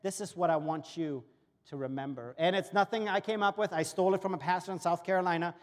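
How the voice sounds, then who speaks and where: German-born pastor, earnest sermon delivery, higher voice, reverberant hall sound. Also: male voice, quick pace. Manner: storytelling with acted-out dialogue, earnest. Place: church auditorium. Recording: long reverb of a church hall.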